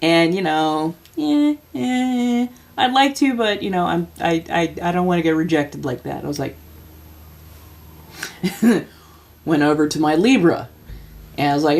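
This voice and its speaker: A woman's voice: fairly low pitch, lively intonation, measured pace, pauses often, a little mellow. A woman in her forties telling a long personal story in casual chat, laughing often and acting out the voices of the people in it. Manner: chatty, laughs often, acts out quoted voices. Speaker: livestream host.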